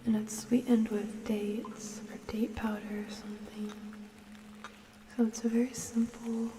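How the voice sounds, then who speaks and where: A woman streamer hosting a cozy ASMR chat, talking to viewers softly and often in a whisper, unhurried. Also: a little high, little pitch movement, echoey room, big-room sound, distant mic, slight background noise.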